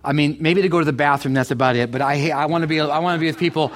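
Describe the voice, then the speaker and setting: A middle-aged man preaching a sermon as pastor, animated and excitable, often stumbling and repeating words. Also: on the high side, very fast. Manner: animated, builds to excited bursts.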